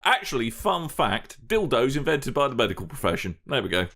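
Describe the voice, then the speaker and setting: A man's voice: mid-range voice, very animated, brisk, gravelly, fairly bright tone. A man with a posh English accent co-hosting a podcast, joking in a theatrical, bantering way. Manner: jokey, theatrical asides. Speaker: podcast co-host. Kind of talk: casual banter.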